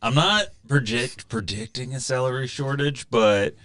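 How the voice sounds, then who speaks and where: A man talking as a guest grower in a casual podcast chat, rambling and mimicking people in mocking high voices. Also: unhurried, pushed and bright.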